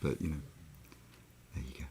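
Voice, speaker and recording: A man's voice: moderate pace, mellow, a little hiss or hum. A British man hosting a casual music chat, rambling and repeating words as he talks, laughing often. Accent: British English. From Britain. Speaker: host.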